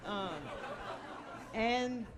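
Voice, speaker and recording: Stand-up comic, south-suburban Chicago, casual rambling delivery, live club tape with background noise. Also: female voice, on the high side, steady tone, drawn-out words, crowd noise. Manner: casual storytelling, peppered with "um" and "right?". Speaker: stand-up comedian. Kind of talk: stand-up comedy set. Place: comedy club stage. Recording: noisy live club recording.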